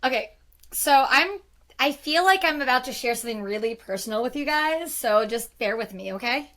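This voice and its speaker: Player, female, high and bright, chatty rambling storyteller. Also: animated, moderate pace. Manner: chatty, self-amused, rambling asides. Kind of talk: in-character storytelling in a tabletop game.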